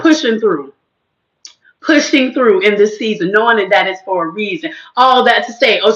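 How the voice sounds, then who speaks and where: A woman hosting a casual livestream, chatting to her viewers in an animated, churchy manner while her voice is just recovering. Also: medium pitch, echoey room, rough recording. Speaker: host.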